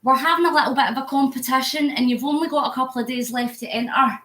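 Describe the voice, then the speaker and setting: Scottish woman pedalling and chatting live on her phone, bit high voice, echoey room. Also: fast talker, sharp tone. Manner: chatty, reads out viewer comments, breathless from pedalling. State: sweating, mid-exercise. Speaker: vlogger live-streaming a charity cycle. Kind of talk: casual live-stream chat. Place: indoors at home on an exercise bike.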